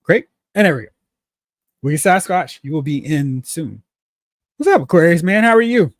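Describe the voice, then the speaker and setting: A man's voice: a little high, lively intonation, moderate pace, no room sound, clean studio sound. A man hosting a casual toy-collecting livestream, reading chat comments aloud, laughing often and acting out exclamations.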